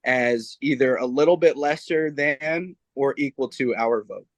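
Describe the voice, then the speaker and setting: A man's voice: mid-range voice, measured pace, no echo. Playful man co-hosting a podcast. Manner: playful, mock-authoritative banter. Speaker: podcast co-host. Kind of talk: casual chat.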